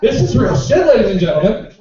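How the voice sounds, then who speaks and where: Talking fast in a sing-song voice, an amateur stand-up performer spins sarcastic, exasperated stories in a small club. Crowd noise and strong echo fill the boomy, distant, muffled recording.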